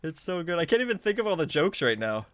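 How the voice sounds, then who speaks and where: Chatty, excitable male game streamer. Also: fairly high pitch, quick pace, clean tone, dry recording. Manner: chatty, laughs often, excitable reactions. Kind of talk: casual live gameplay commentary.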